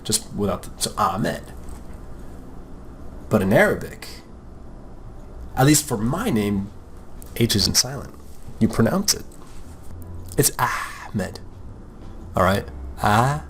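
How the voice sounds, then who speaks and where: A man's voice: fairly low pitch, very animated, slow, long pauses, a bit bright, slight background noise. Young American man chatting casually while drawing. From United States. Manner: rambling, joking, acts out quoted voices. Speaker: art podcast host.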